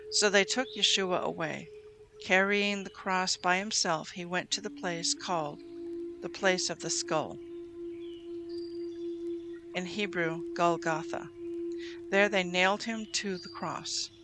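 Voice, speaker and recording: A host reads scripture aloud at an even, measured pace, with a clear musical bed playing underneath. The voice sits in a middle pitch. Quoted lines are read plainly, with little change of voice. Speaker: Bible reading host. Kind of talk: scripture reading. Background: music bed under the reading.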